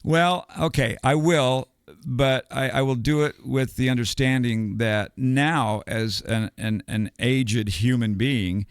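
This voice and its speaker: A man's voice: medium pitch, takes it slowly, clear, resonant tone, no room sound, studio quality. An older man from the United States, a podcast guest telling a long story in a rambling, digressive way and chuckling between details. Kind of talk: casual storytelling.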